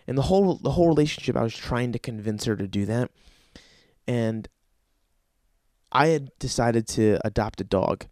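A man's voice: mid-range voice, normal speed, long pauses, darkish tone, no room sound, studio quality. A young man telling a rambling, profane comic story about his own life. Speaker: comedian.

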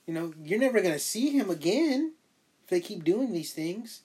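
Husky voice, eager guest, quick to agree, casual chat. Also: mid-range voice, big pitch swings, mellow.

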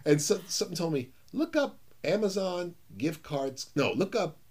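A middle-aged man telling funny stories in a casual chat, acting out quoted lines in a higher voice and laughing often. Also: normal speed. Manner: animated, acts out quotes with raised pitch, laughs often.

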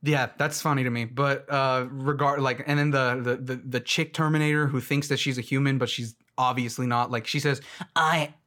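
A man's voice: medium pitch, level tone, brisk, few pauses, fairly bright tone. A young man with a mid-range voice rambles through a casual trailer reaction. He leans on fillers, restarts his sentences and laughs easily as he goes. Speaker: movie commentator.

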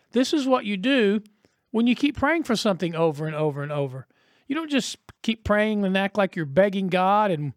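A man's voice: high voice, no room sound, clean studio sound. A man preaching a sermon as a pastor, earnest and conversational, posing rhetorical questions to his listeners.

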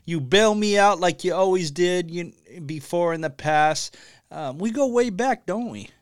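A man hosting a casual podcast chat, upbeat and rambling, giving enthusiastic shout-outs. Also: sits high, animated, unhurried, clean tone, no room sound, clean studio sound. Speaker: podcast host.

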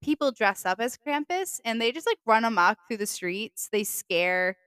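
A woman's voice: a little high, lively intonation, normal speed, a bit bright, clean tone, no echo. A young woman with a Boston accent co-hosting a podcast, chatting casually and joking with a lot of swearing. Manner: profane, joking, loose storytelling. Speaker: podcast co-host. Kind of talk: casual chat.

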